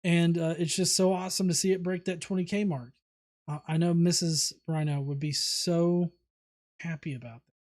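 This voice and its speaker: A man's voice: on the high side, fairly even intonation, moderate pace, a little mellow. A man hosting a livestream, casually reading viewer comments aloud with many fillers and restarts. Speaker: host.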